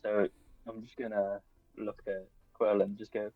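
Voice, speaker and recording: A man's voice: lowish voice, little pitch movement, unhurried, no echo, dull audio, soft background music. A man chatting as a player in a tabletop role-playing game. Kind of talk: casual tabletop play.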